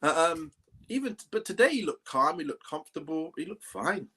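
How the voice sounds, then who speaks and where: A man's voice: a little high, big pitch swings, a little fast, sharp tone, slightly rough. A man co-hosting a casual football chat, earnest and talking in long runs. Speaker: podcast co-host.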